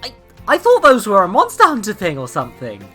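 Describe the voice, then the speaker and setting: A woman's voice: medium pitch, huge pitch swings, a little fast, pushed and bright, slightly rough, faint music behind. A woman streaming live, reacting casually with swearing, laughter, and sarcastic remarks.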